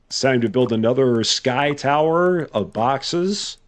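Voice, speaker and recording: A man's voice: medium pitch, expressive, takes it slowly, a little hiss or hum. A man giving casual live gameplay commentary as a streamer, chatty and good-humored, thinking aloud. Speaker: game streamer.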